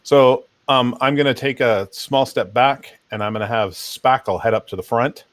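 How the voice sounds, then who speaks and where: A man's voice: medium pitch, normal speed, no room sound. A man playing a tabletop game over voice chat, wry and bossy in a joking way. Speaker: player.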